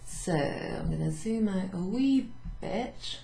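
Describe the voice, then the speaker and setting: Woman going over french basics slowly, echoey room w/ faint hum. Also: medium pitch, lively intonation, vocal fry, mellow. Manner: patient, explains step by step with French examples. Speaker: French teacher. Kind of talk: recorded lesson recap.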